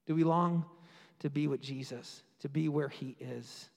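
A man preaching a sermon with passion, rising to loud peaks and dropping to quiet asides. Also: on the high side, unhurried, vocal fry. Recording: long hall reverb.

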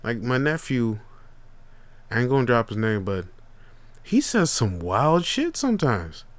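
In a dry recording, a young man with a medium-pitched voice speaks at a measured pace. As a podcast host, he swears freely and uses relaxed slang while animatedly telling casual stories.

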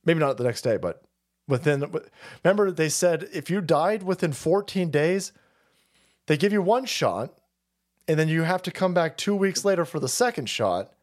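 Brief: a loud, swearing male streamer with a slightly high, bouncy voice, rambling through chat reads. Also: animated, moderate pace. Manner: rowdy, foul-mouthed, rambling with restarts. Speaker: livestream host reading viewer chats. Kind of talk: casual profane stream commentary.

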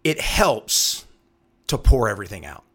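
A man's voice: fairly low pitch, sing-song, measured pace, bright, forceful tone. A man speaking as a pastor, teaching from the Bible in an earnest way, repeating phrases and checking in with "right?". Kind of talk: devotional Bible teaching talk.

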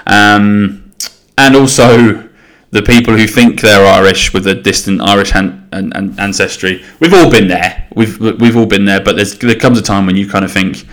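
A man's voice: on the low side, fairly even intonation, normal speed, fairly bright tone. A young man from England hosting a casual solo podcast, chatty and rambling, swearing freely and restarting his sentences. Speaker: podcast host.

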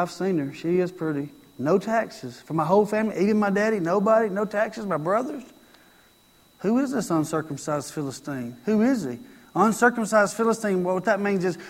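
A man's voice: high-pitched, long reverb tail. A man preaching a sermon, telling a story and acting out its lines, repeating phrases for emphasis.

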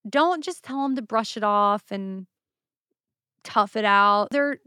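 Woman podcast host, solo show, candid and casual, smooth voice in a dry booth. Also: medium pitch, slow pace, bright, forceful tone, dry recording. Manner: candid, casual, swears freely.

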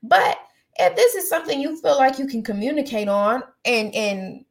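Podcast host lady, gravelly fry in her voice, kinda high, blunt and emphatic giving advice. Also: expressive, normal speed. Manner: outspoken, emphatic, repeats phrases for effect. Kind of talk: casual chat giving advice.

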